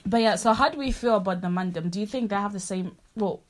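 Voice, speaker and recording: A woman's voice: medium pitch, quick pace, crowd noise. A young woman co-hosting a podcast, outgoing and confident, chatting casually and laughing easily. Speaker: podcast co-host. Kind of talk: casual chat.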